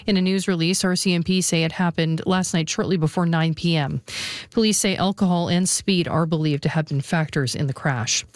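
A woman's voice: lowish voice, no room sound. A woman reading a formal radio newscast as the newsreader. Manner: measured, formal delivery.

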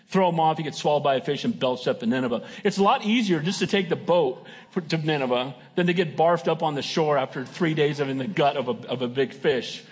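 A man's voice: fairly high pitch, brisk, few pauses, breathy edge. A man preaching a sermon as pastor, emphatic and folksy, often asking his congregation "Amen?". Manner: folksy and joking.

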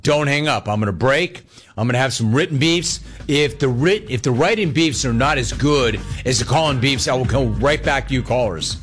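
A man's voice: mid-range voice, expressive, moderate pace, faint music behind. A man hosting a call-in sports radio show, talking in a brash, mocking way and laughing often. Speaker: radio sports talk host. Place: radio studio.

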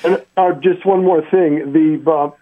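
A man calls a radio program and speaks in a folksy, scornful manner. His voice sits a bit high and comes through a thin, phone-like line. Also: fairly even intonation, measured pace. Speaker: caller. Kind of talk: phone call to radio show.

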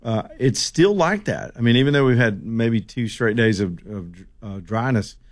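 A man's voice: mid-range voice, animated, moderate pace. A middle-aged man from the Southern United States hosting opinionated political talk radio, sarcastic, folksy and rambling.

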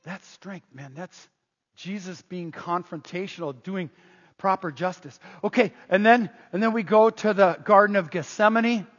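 A man preaching a sermon in an animated way, full of rhetorical questions, in a dull, echoey hall recording. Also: sits high, normal speed. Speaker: pastor.

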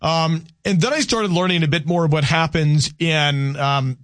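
A man co-hosting a casual political chat in a fairly high voice. He talks in halting bursts and repeats words while he works out his point. The recording is dry and close to the mic. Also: fairly even intonation, fairly bright tone, no echo. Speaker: co-host.

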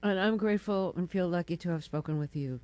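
An older woman hosting a studio interview, asking measured, probing questions. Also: fairly low pitch, darkish tone. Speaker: radio interview host.

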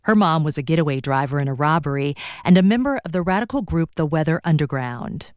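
A radio host reading a scripted broadcast announcement in a measured, polished way. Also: medium pitch, lively intonation, dry recording, studio quality.

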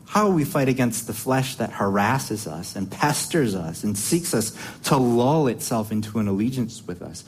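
A man's voice: mid-range voice, lively intonation, normal speed, a little hiss or hum. A man preaching a sermon in an emphatic style, posing rhetorical questions and often repeating words as he restarts his sentences.

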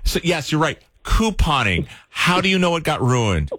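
A man's voice: fairly high pitch, big pitch swings, brisk, sharp tone, no echo. A man hosting a radio show, bantering and joking with a caller. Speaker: radio host. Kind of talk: morning radio chat. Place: radio studio.

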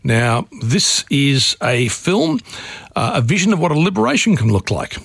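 A man's voice: a little high, very animated, moderate pace, gravelly, fairly bright tone, breathy edge, no room sound. A man with an Australian accent hosting late-night radio, talking casually and rambling with many fillers and restarts. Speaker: radio host.

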